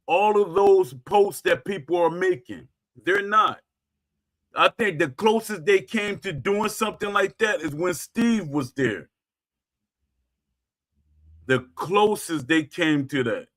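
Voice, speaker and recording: A man's voice: sits high, slow, a bit bright. A man hosting his own gaming talk stream, speaking emphatically and repeating his points, often restarting his sentences. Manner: emphatic and repetitive, circling back to points. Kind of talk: casual livestream rant.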